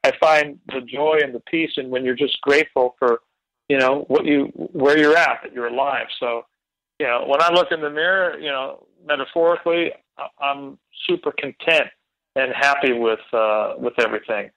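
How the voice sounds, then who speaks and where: A man answers podcast questions in an earnest, reflective way and stumbles over words as he begins a thought. His voice is bright and forceful. The recording is dry and close. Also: mid-range voice, normal speed, no echo, poor audio. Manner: earnest, reflective, repeats words as he starts sentences. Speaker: podcast guest, drummer. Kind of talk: casual interview chat.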